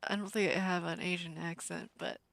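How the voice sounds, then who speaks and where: A woman streaming a game, chatting casually with viewers in a calm, relaxed way and laughing easily. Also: fairly low pitch, a little fast, creaky. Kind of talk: casual live-stream chat over gameplay.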